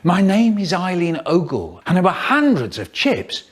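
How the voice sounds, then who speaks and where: A man in his seventies performing comic stories and rhymes in a theatrical, lively way. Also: high-pitched, normal speed. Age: 70s. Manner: theatrical, lively, swoops between silly voices. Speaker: children's poet performer. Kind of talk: animated storytelling, chopped into a remix.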